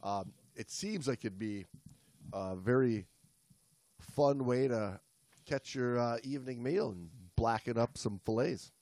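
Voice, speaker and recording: A man's voice: mid-range voice, unhurried, darkish tone, no echo, clean studio sound. A man co-hosting a podcast, reading a story aloud between laughs and joking with his co-host in put-on slang. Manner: jokey, laughs often, puts on Aussie slang.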